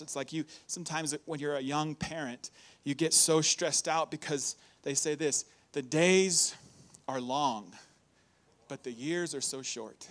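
A man in his thirties preaching a sermon in a church. He is upbeat and animated and laughs often between his points. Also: fairly high pitch. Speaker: pastor. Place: church hall.

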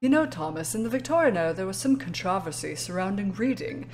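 Brief: woman voicing a genteel Victorian gent, formal and precise, mid-pitched, game dialogue read aloud. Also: animated, fast talker, a little mellow, close to an everyday voice. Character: polite, pompous Victorian-styled man.

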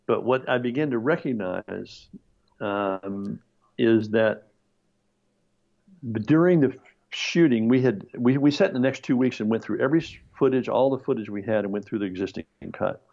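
Lively storytelling man, low voice. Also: creaky, lo-fi sound. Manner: animated storyteller, acts out quoted voices, laughs often. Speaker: screenwriter guest. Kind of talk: conversational anecdote.

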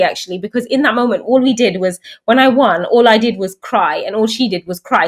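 A woman in her thirties from England, a guest telling stories in casual chat and acting out the voices of the people she quotes. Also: medium pitch. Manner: animated storyteller, acts out quoted voices.

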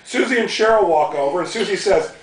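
A high-voiced man reads his book aloud and keeps laughing at his own lines. He sounds roomy and a little distant, as though he was recorded from across a bookstore full of listeners. He talks like a casual, self-amused storyteller. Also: expressive, quick pace. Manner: amused, breaking into laughter while reading. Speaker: author reading from his book. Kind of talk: book reading with audience Q&A. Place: bookstore in front of a live audience.

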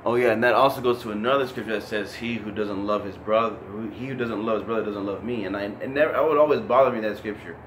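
A man's voice: fairly low pitch, fairly even intonation, quick pace, few pauses, a bit bright, reverberant, slight background noise, rough recording. A man giving an informal, earnest talk on scripture, rambling with many restarts and emotional, close to tears. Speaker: online religious talk host.

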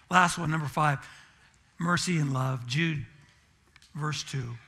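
A man's voice: fairly high pitch, takes it slowly, bright, forceful tone, breathy edge. A pastor preaching a sermon in church and telling a self-deprecating, humorous story about his family.

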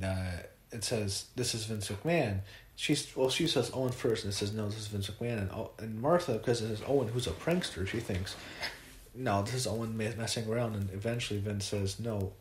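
Low-voiced man retelling in an echoey room. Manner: halting retelling full of fillers and restarts. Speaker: reviewer. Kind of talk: casual spoken review.

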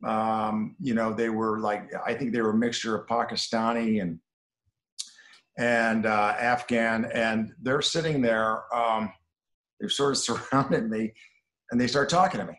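A middle-aged man, a film director, telling anecdotes in an interview and dropping to a low murmur on asides. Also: fairly even intonation, measured pace, fairly bright tone. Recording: roomy echo.

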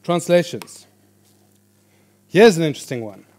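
A man teaching a church class on reading the Bible, in a lively, joking conversational way. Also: on the high side, a little slow. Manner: animated, jokey, with lively quoted voices. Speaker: pastor teaching a Bible course. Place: church hall before an audience.

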